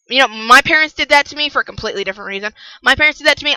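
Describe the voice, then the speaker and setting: A young woman giving a casual spoken book review, passionate and ranting, who repeats herself for emphasis and yells about parents. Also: a little high, expressive, very fast, hardly any pauses, no echo, poor audio.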